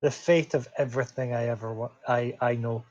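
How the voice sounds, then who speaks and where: A man's voice: mid-range voice, steady tone, a little fast, darkish tone, pitched below the performer's own voice, natural voice. Man playing a wry adventurer. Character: laid-back male adventurer with a prized sword. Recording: dull lo-fi mic.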